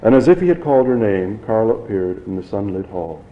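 Man reading a novel aloud, low voice, dull lo-fi recording, a few restarts. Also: expressive, brisk, echoey room. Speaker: reader.

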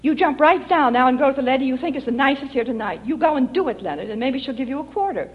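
A woman's voice: sits high, lively intonation, fast, husky. A woman voicing a scolding cat handler. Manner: scolding, coaxing, sharp. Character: stern woman who shows off a fortune-telling cat. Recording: dull lo-fi archival recording.

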